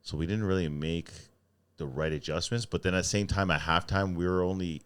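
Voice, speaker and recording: A man's voice: sits low, brisk, clean tone. A man co-hosting a podcast in casual sports chat, swearing freely and telling stories with animation. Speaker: podcast co-host.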